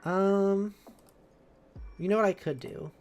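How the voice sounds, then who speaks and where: A woman's voice: medium pitch, takes it slowly, a little mellow. A woman streamer chatting casually and rambling, with many fillers and a bubbly, giggly manner. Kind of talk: casual live-stream chat.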